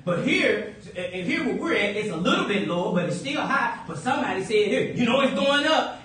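A man preaching a sermon, animated and playful, breaking into high whoops and chuckles. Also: brisk, hardly any pauses, a little hiss or hum. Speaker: pastor. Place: church sanctuary. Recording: echoey church from a distant mic.

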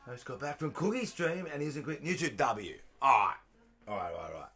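Man, game streamer, gravelly voice, lively pitch, chatty, excitable. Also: fairly quick. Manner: chatty, reads out chat and greets viewers, excitable shouts. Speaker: livestreamer. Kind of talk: casual gaming stream commentary.

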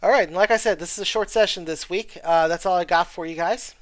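Lecturer with a mid-range voice on a dry, close mic. Keeps asking "okay?" and fills pauses with "uh". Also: medium pitch, no echo. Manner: frequent "okay?" check-ins and "uh" fillers; reads textbook passages aloud. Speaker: college writing instructor. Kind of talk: recorded video lecture.

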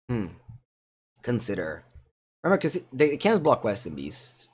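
Italian guy streaming a card game, mumbling to himself then suddenly yelling when stuff happens. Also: medium pitch, moderate pace, pauses often, slightly rough. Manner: muttering thoughts aloud, with sudden excited outbursts. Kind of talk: live gameplay commentary.

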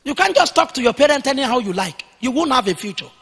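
A man preaches with a high, husky voice that rings out in a large church hall with a long reverb. He is emphatic and slows down to dictate key points word by word for his listeners to write down. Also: very animated, a bit bright. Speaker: pastor. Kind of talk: sermon.

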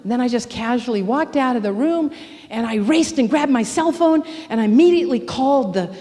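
A woman's voice: on the high side, expressive, a little fast, dark tone. A middle-aged woman giving a personal testimony at church. She tells the story with animation and acts out the voices of the people in it. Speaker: church speaker. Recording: long church reverb.

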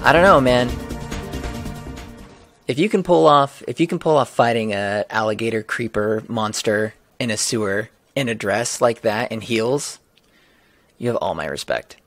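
A man's voice: on the low side, moderate pace, fairly bright tone, faint music behind. A man casually joking and laughing as he comments on a video game while streaming.

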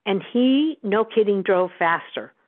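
A woman calling into an advice show, self-deprecating and quick to laugh. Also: mid-range voice, lively intonation. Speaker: caller. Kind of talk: call-in advice talk. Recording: tinny phone line.

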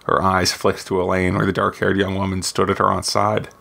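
Man, author reading his novel, low voice, flat, occasional stumbles. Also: fairly quick, gravelly. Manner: reads with occasional slips and restarts. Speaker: guest reader, author. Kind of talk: reading aloud from a fantasy novel.

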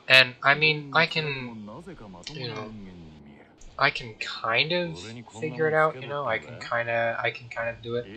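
A man's voice: mid-range voice, pushed and bright, rough recording. A young man casually commenting while playing a game, rambling and joking, often mumbling and trailing off. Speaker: gameplay streamer.

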